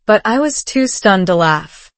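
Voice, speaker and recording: A woman narrating a first-person story slowly and clearly, for learners. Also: mid-range voice, expressive, dry recording. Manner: slow, clear reading for learners. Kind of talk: slow scripted story narration.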